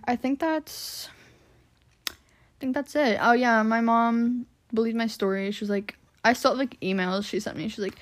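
A young woman with a fairly high voice and moderate pace chats casually on a podcast, telling a meandering story full of "like" and swearing.

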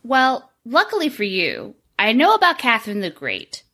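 A woman's voice: a little high, huge pitch swings, moderate pace, a bit bright. A woman co-hosting a podcast, joking irreverently and swearing freely in casual chat. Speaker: podcast co-host.

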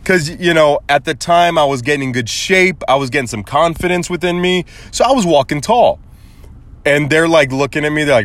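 On his podcast, a young man from Arizona recounts a story in a lively way, cursing casually and doing voices for the characters. His pitch is fairly high, his pace brisk, and there's no room sound.

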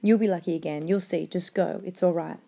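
A woman reading the lines of a dying father who gently urges his son on, while she reads a novel aloud to a class. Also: fairly low pitch, fairly even intonation, brisk, vocal fry. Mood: tender. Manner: quiet, gentle and insistent.

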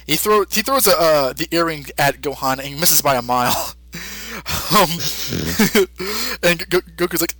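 A man's voice: on the high side, lively intonation, measured pace, bright, forceful tone, no echo, low-quality recording. A man co-hosting a podcast, casually recapping a story with lots of fillers and frequent laughs. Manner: chatty, many fillers, laughs often. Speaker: podcast co-host.

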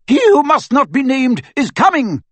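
A man's voice: very high-pitched, big pitch swings, normal speed, breathy edge, no echo, pitched above the performer's own voice, heavily acted. A man reading an audiobook, voicing a stern older woman professor, bitter and commanding. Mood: grim, commanding.

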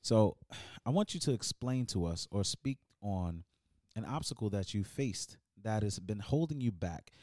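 A man's voice: on the low side, animated, normal speed, darkish tone, no echo, studio quality. A man hosting a podcast, chatting casually, teasing his guest and throwing in preacher-style call-outs. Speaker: podcast host.

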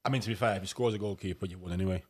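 A man's voice: low voice, very fast, a little mellow, slightly rough. A young man, a goalkeeper coach, chatting casually on a podcast, laughing easily and rambling through his stories. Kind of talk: casual banter.

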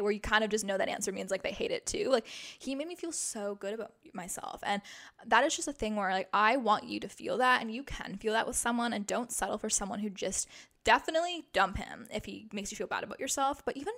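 Young female podcast host, slightly high voice, chatty and emphatic delivery. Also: animated, fast talker, fairly bright tone. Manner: chatty and emphatic, many "like" fillers. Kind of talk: casual podcast monologue.

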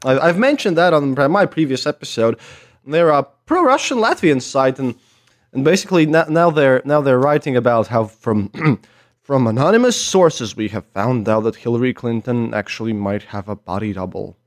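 Male guest on a call, animated pitch, choppy restarts, dry wit. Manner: halting, restarts often, jokey. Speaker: podcast guest. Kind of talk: casual chat over a call.

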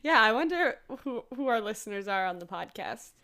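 A woman's voice: a little high, big pitch swings, fairly quick, a crowd in the background. A young woman from Canada with a Canadian accent, co-hosting a podcast, rambling and giggling in casual chat. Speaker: podcast co-host.

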